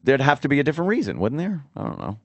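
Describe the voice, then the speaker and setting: A man's voice: a little high, big pitch swings, very fast, no echo, dull audio. A man co-hosting a radio show, wry and sarcastic. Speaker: radio co-host. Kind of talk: casual radio chat.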